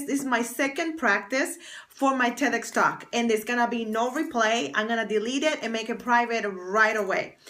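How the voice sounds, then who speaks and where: A woman with a highish, pushed and bright voice hosts a casual livestream as a fashion stylist and confidence coach. She's chatty and bubbly, thanking viewers by name, and uses an external mic on her phone stream.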